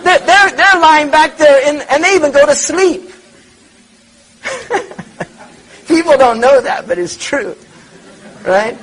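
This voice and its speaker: A man's voice: very high-pitched, sing-song, takes it slowly, long pauses, a bit bright, poor audio. A man giving a religious lecture, reflective, repeating words and asking rhetorical questions. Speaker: Islamic lecturer.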